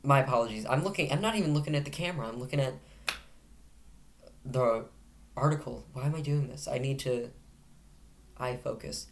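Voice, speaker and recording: A man at a middle pitch talks through the day's news into a camera. His tone is casually sarcastic, with dry jokes dropped between the headlines. He keeps tripping over his words and fixing them as he goes. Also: a little fast, long pauses, a little hiss or hum. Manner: frequent self-corrections and restarts. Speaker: host of a news commentary show.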